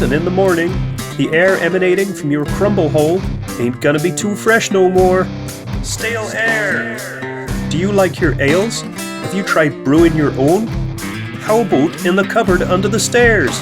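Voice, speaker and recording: A man reading a spoof radio advert, stretching out each product slogan in a slow deadpan. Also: high voice, natural voice. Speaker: fake advert announcer. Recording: loud guitar music behind.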